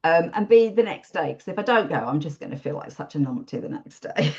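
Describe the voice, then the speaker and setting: A woman chatting openly about her freelance work in a relaxed interview, self-deprecating and quick to laugh. Her voice sits a little low. The audio is dull and lo-fi, like a remote call. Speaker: WordPress support freelancer, podcast guest. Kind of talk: casual interview chat.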